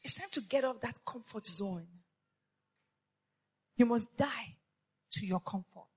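A woman preaching a sermon to women, passionate and repetitive, firing rhetorical questions and rising to shouts. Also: a little high, unhurried, slightly rough.

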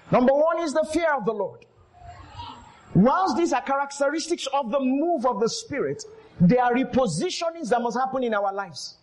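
A man's voice: extremely high pitch, low-quality recording. A man preaching a sermon as pastor, emphatic, telling stories and calling out to the congregation. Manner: storytelling with quoted voices.

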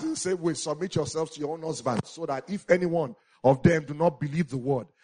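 A man preaching a sermon as a pastor, animated, swinging between loud exclamations and quiet asides. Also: fairly high pitch.

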